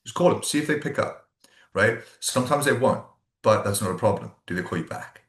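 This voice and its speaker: An expressive, somewhat bright voice on the low side belongs to a South African podcast co-host speaking fairly quickly. In casual, blunt chat, he swears freely and plays out what his friends told him, all in an echoey room.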